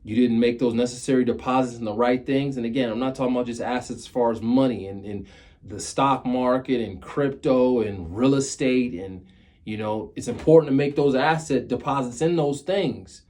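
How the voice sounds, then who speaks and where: A man in his thirties speaks straight to his viewers in a casual motivational talk, his pitch sitting right in the middle for a man. he talks earnestly, circles back and repeats phrases until they land, and sounds like he is sharing lessons he learned the hard way. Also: normal speed, a little mellow. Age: 30s. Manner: earnest and repetitive, drives points home by repeating phrases. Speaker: motivational vlogger.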